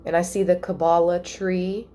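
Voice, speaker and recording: A woman giving a casual spiritual reading at home, chatty and thinking out loud with soft asides. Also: lowish voice, level tone, moderate pace. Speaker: tarot reader.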